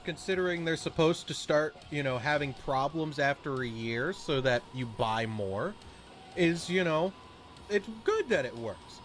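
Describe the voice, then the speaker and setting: A man's voice: mid-range voice, fairly bright tone, a little hiss or hum. A man streaming a video game, chatting casually and ranting with a rambling, swearing delivery. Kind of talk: casual chat while streaming.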